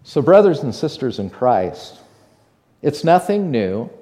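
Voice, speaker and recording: A man's voice: medium pitch, big pitch swings, slow pace, mellow. A man preaching a sermon to his congregation, earnest and rising to fervent emphasis. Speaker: pastor.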